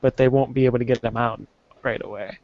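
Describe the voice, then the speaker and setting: A man's voice: mid-range voice, fairly even intonation, quick pace. A man in casual chat, laid-back and often stumbling over his words. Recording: dry, muffled lo-fi recording.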